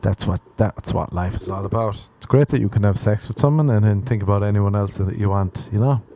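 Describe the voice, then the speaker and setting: A man's voice: on the low side, fairly quick, warm tone. A young man hosting a solo comedy podcast, rambling through crude jokes and chuckling at his own lines. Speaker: podcast host.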